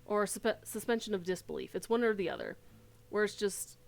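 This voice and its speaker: A woman's voice: mid-range voice, lively intonation, brisk, creaky. Chatty alto woman streaming a game. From outside the UK. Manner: chatty, self-correcting, giggly asides. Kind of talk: casual gameplay chat.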